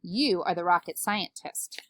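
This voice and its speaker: A man's voice: high-pitched, measured pace, sharp tone, no room sound, studio quality. A woman voicing a pompous male professor judging a science fair, read aloud from a storybook.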